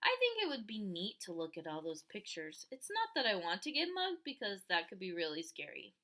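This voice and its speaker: A woman reading a children's novel aloud, telling it with lively character voices. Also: mid-range voice, fairly quick. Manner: animated storytelling with voiced characters. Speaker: audiobook reader.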